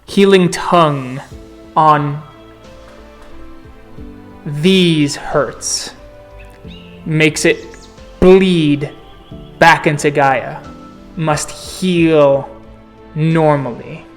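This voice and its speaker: A man voicing a wounded old bear shifter who speaks in slow, broken, solemn phrases. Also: a little high, fairly even intonation, faint music behind. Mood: grave. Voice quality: halting broken speech, slow and grave.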